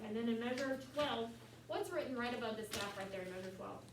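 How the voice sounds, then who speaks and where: High-voiced choir teacher, echoey and distant. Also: female voice. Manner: instructive, chants lyrics slowly. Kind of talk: classroom music lesson. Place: classroom. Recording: echoey classroom from far off, noisy.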